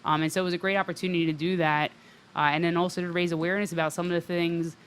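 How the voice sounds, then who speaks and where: A woman's voice: on the low side, flat delivery, very fast, smooth. A woman talking as a guest on a radio interview, recounting her experiences and advocacy in a chatty way with lots of "like" and "um". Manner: chatty, fills speech with "like" and "um". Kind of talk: conversational interview.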